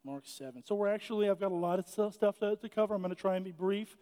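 A man's voice: high-pitched, fast talker, warm tone, clear, resonant tone. A man preaching a casual sermon in a church, chatty and joking, often restarting his sentences. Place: church sanctuary. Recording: echoey church hall.

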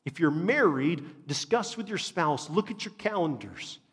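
A man's voice: a little high, lively intonation, measured pace, husky. A man, preaching a sermon as a pastor in an earnest, emphatic way and repeating phrases for stress. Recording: long reverb of a large hall.

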